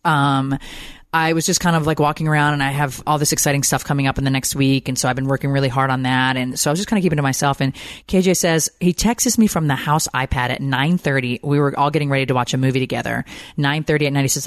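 Lively forties mom rambling on a podcast, dry close sound, shoots way up when quoting the kids. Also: female voice, fast, dry recording. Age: 40s. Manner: animated storyteller, acts out quotes in high pitch. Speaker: podcast host. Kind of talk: casual family podcast chat.

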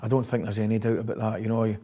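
A man's voice: fairly low pitch, quick pace, husky. A man with a Scottish accent, a former football coach, telling stories in an interview, laughing often and checking in with "right?". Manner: lively storyteller, laughs often, says "right?" constantly. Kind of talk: anecdotal interview chat.

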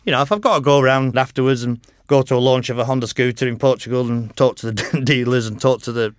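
The voice is medium-pitched with fairly even intonation and a fast pace. A middle-aged man, a motorcycle racer guesting on a podcast, spins rambling stories in casual conversation, laughing often and swearing freely, on a dry, studio-quality recording.

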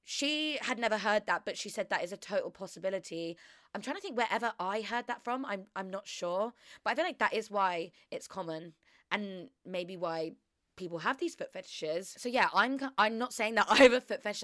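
A woman's voice: mid-range voice, lively intonation, moderate pace, fairly bright tone, no room sound, studio quality. A young woman hosting a podcast, talking frankly and casually, often swearing and laughing. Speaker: podcast host. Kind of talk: casual solo podcast chat.

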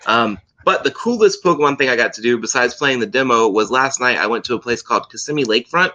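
A man's voice: mid-range voice, expressive, fast, bright, forceful tone. A man co-hosting a casual podcast, rambling on with lots of fillers. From Central Florida. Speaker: podcast co-host. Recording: slightly dull lo-fi mic.

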